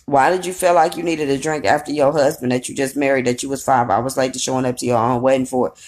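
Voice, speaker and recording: A woman's voice: a bass voice, steady tone, fast, darkish tone. A woman recapping a reality show in casual, rambling commentary, blunt and profane with a sassy edge. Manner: rambling with fillers and asides.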